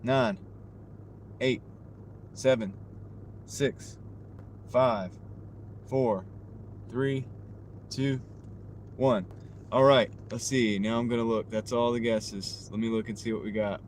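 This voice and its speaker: A man's voice: lowish voice, normal speed, a little mellow, a little hiss or hum. Chatty man livestreaming from his car. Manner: chatty, talks to viewers' chat while driving. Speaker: delivery driver livestreaming. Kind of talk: casual live-stream chat. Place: inside a car on the road. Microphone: wireless clip-on mic.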